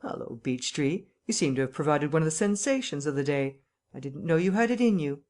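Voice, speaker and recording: A woman's voice: deep voice, animated, brisk, darkish tone. A cheery, hearty young chap in a storybook, slangy and full of teasing good humour, as a woman reader puts him on. He jollies his friend along with easy banter. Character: jovial hearty young English gentleman journalist.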